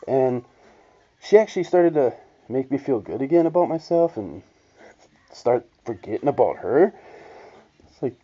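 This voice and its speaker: A young man tells his own story in a loose, rambling way, swearing freely and stumbling over restarts. His voice is very dark and mellow. The audio sounds dull and lo-fi. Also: mid-range voice, expressive, measured pace, pauses often. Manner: profane, blunt, rambling with restarts. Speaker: vlogger. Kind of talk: casual storytelling monologue.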